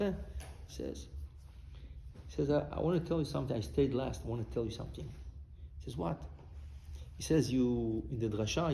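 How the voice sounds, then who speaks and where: A rabbi delivers a sermon in a lively, gravelly male voice, telling stories, slipping Hebrew words into his English, and breaking into loud cries. The recording picks up a little hiss or hum and the faint ambience of a roomy hall.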